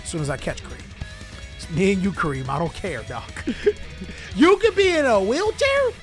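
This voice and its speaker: A man telling a comedic childhood story in an animated, slangy way, talking straight to viewers. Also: sits high, normal speed, over music. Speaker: YouTuber storyteller.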